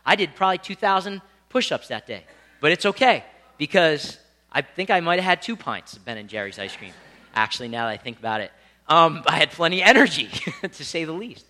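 A young man preaching a sermon, telling stories with lots of asides and animated delivery. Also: on the high side, fairly quick. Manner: animated storytelling with asides and laughs.

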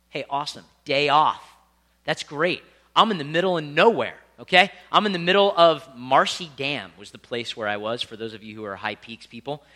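A young man preaching a sermon, telling stories with lots of asides and animated delivery. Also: fairly high pitch, moderate pace. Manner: animated storytelling with asides and laughs.

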